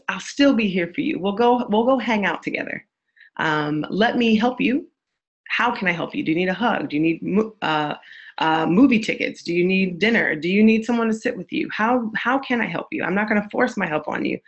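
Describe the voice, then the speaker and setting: Woman, therapist, webinar teaching talk, earnest and affirming, lo-fi sound. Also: medium pitch. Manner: earnest, affirming, repetitive phrasing. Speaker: therapist and church speaker. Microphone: webinar microphone.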